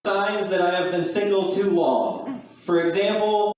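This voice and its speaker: A man rehearsing stand-up jokes out loud, restarting lines and laughing at his own punchlines. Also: sits high, fairly even intonation, a little slow. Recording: very echoey room, mic far off.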